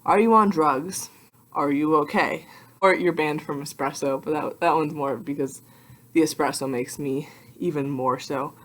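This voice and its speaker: A young adult woman vlogging casually to her computer webcam, rambling and excitable with self-mocking asides. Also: low voice, moderate pace, a little hiss or hum. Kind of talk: casual vlog talk to camera.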